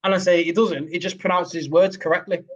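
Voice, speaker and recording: A man's voice: sits high, steady tone, fast, a bit bright, lo-fi sound. A man with a Manchester accent, co-hosting a podcast as a father, telling stories in casual chat and laughing often.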